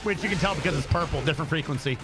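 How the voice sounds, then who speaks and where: A man's voice: on the high side, racing, loud music behind the voice. A man streaming a game, giving rambling, profane commentary and explaining as he plays. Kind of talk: casual gameplay commentary.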